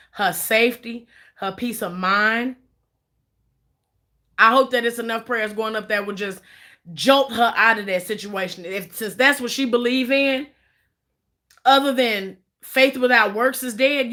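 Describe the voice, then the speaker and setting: A woman delivers blunt, profane commentary, pressing each point with emphasis. Her voice is bright and forceful, pitched a little high. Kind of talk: blunt opinion vlog.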